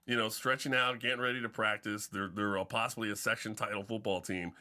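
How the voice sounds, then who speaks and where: Bright-voiced man hosting a sports podcast. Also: fairly low pitch, steady tone, quick pace. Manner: storytelling, many restarts and fillers. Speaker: podcast host and football coach. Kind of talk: casual podcast chat.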